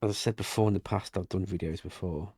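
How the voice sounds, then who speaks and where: A man talking quietly and rambling in a casual diary vlog at home, often half-whispering. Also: deep voice, steady tone, fast, breathy edge, no echo. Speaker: vlogger. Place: home room with thin walls. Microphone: desk mic and webcam.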